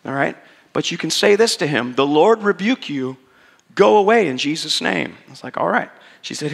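A man preaching a sermon as a pastor, telling a story in a lively, conversational way and acting out the quotes. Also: high-pitched, creaky, in a large hall.

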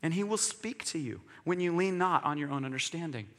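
Male pastor, high lively voice, sermon with echoing hall reverb. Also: brisk. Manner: animated storytelling with acted-out dialogue.

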